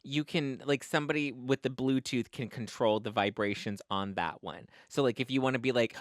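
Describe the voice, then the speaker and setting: A man's voice: on the low side, moderate pace, hardly any pauses, no echo. A man co-hosting a podcast in a studio, playful and teasing in casual chat. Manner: playful, teasing, presents products. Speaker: podcast co-host.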